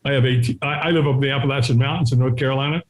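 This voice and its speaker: A middle-aged man telling a story as an interview guest, acting out the voices of people in it and sometimes shouting. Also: medium pitch, fairly even intonation, very fast. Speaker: guest, firewalking instructor. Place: his home.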